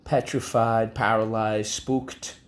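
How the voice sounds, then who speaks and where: A man teaching a vocabulary and phonics lesson, drawing out each word slowly and deliberately. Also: lowish voice, flat delivery. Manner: slow, deliberate, with drawn-out modeled words.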